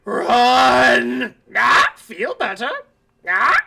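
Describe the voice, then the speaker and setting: A man's voice: high-pitched, huge pitch swings, normal speed, creaky, sharp tone, a little hiss or hum, pitched above the performer's own voice, heavily acted. A man voicing a parrot that shrieks omens of doom. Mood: shrieking. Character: shrieking ominous parrot, doom-crying bird.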